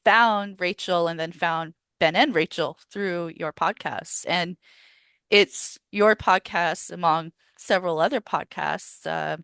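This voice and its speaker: A woman with a fairly low voice speaks as an eager podcast guest. The sound is dry and close, with no room echo. She talks earnestly and often doubles her words. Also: takes it slowly, gravelly, a bit bright, clean tone. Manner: earnest, enthusiastic, repeats words. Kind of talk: casual chat.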